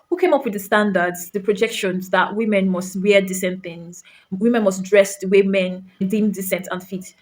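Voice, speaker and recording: A woman from Nigeria ranting to camera, emphatic and full of rhetorical questions, with some swearing. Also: medium pitch. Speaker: vlogger. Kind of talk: impassioned rant to camera.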